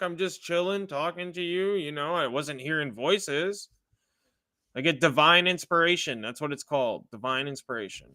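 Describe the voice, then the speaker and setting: Man, livestream preacher, casual, bright and resonant, a little high, swings between loud and hushed. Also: clean tone, dry recording, studio quality. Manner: casual, chatty with viewers, uses "dude" and "you know". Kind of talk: casual livestream testimony and prophecy.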